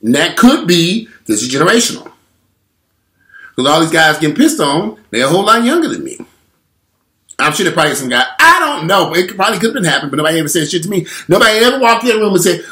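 A man in his forties tells a frank, profane story directly to his viewers. His pitch swings widely as he exaggerates and acts out his reactions. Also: quick pace. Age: 40s. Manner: animated, profane, talks straight to viewers. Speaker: vlogger. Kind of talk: candid storytelling monologue.

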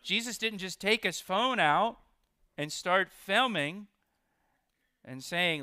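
Expressive male pastor preaching a sermon. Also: high-pitched, takes it slowly, smooth, no room sound, clean studio sound. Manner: expressive preaching, stresses key words loudly. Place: church.

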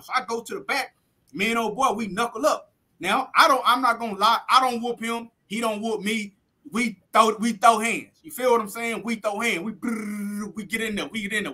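A man recounting a tale in a casual interview, his voice strikingly high and bright. He talks in loose street slang with plenty of cursing and plays out each scene as he goes. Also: fairly quick. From Texas. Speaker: interview guest recounting prison life.

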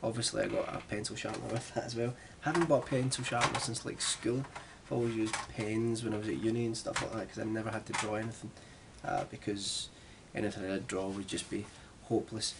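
A chatty vlogger from Glasgow, Scotland talks in a low voice with a Glaswegian Scottish accent, casual and self-deprecating with rambling asides. The background is noisy.

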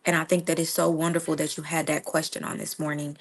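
A woman's voice: sits low, level tone, fast. A young woman hosting a casual Christian morning livestream, speaking earnestly and conversationally to her viewers. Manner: earnest, conversational, repeats "right?" often. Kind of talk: casual devotional talk.

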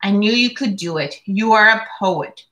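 A woman's voice: mid-range voice, moderate pace, bright, forceful tone, natural voice. A woman reading aloud and voicing a loving, encouraging mother in a storybook.

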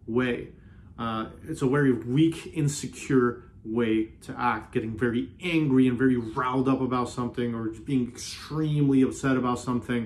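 A man hosting a self-help video, talking earnestly in a casual motivational way, often repeating himself and slowing down on key phrases. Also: mid-range voice, a little mellow. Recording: roomy echo.

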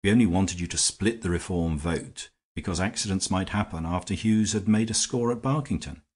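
A man's voice: sits low, a little fast, a little mellow, husky. A man voicing a sulky, scheming English brother who blusters and complains, in an audiobook reading. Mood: blustering.

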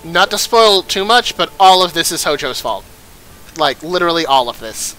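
Bright-voiced joking game commentator man. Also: on the high side, expressive, normal speed, poor audio. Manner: joking, swears. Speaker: let's-play host.

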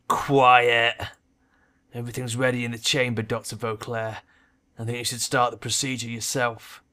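A burned male orc mercenary from a game, gruff and mocking, with an altered, rougher tone, as a man puts him on. His voice is bright and forceful at a middling pitch. He sneers through every line. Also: level tone, a little fast, lightly acted. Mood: barking.

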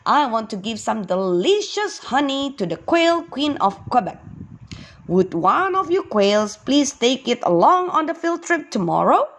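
Lady reading as a cheery little duck, slow and bouncy, storybook voice. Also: high-pitched, big pitch swings, a bit bright, full character voice. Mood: friendly. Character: friendly little male duck.

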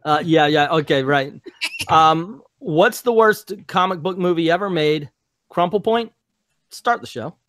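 A man's voice: measured pace, a bit bright, no room sound, studio quality. A man hosting a casual comic book debate show, loose and joking. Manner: theatrical, booming intro then loose and joking. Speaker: host.

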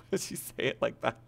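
Live-streaming in a casual chat, a man coaches a friend, excitable and laughing often, with plenty of cursing.

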